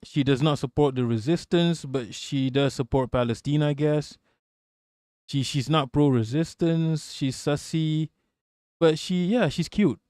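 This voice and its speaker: A man's voice: fairly high pitch, a little slow, darkish tone, no room sound, studio quality. A man from Malaysia hosting a livestream, ranting casually about politics with lots of swearing and jokes, reading out chat. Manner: profane, joking, reads chat aloud. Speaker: livestream host.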